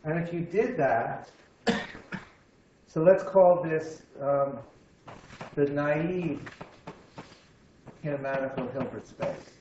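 A man's voice: on the high side, warm tone, slight background noise. A man giving a university physics lecture, thinking aloud and often stopping to restart his sentences. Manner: halting, repeats words, thinks aloud. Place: lecture room. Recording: echoey room, slightly dull sound.

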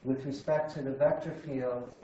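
Halting male lecturer in an echoey room. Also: mid-range voice, steady tone, dark tone, a little hiss or hum. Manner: halting, repeats words, thinks aloud. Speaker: physics lecturer. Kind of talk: university lecture. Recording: echoey room, slightly dull sound.

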